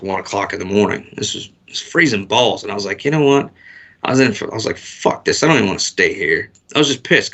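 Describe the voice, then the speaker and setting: Male interview guest, low gravelly voice, profane and rambling. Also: pushed and bright. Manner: profane, rambling, laid-back storytelling. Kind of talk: casual storytelling.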